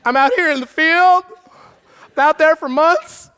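Man doing a high, whiny older brother: sulky, jealous, petulant. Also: normal speed, in a large hall. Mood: whining. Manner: whiny, pouting complaints.

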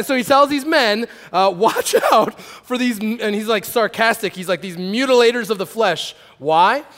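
A man's voice: high-pitched, fairly bright tone. A man preaching a casual, joking sermon as pastor, acting out the quotes he reads in a conversational way. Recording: long hall reverb.

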